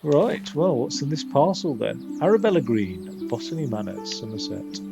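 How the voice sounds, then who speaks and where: A man's voice: mid-range voice, very animated, normal speed, gravelly, music in the background. A man rambling in casual gameplay commentary, often stopping and restarting his sentences. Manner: rambling, self-interrupting chatter. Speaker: streamer.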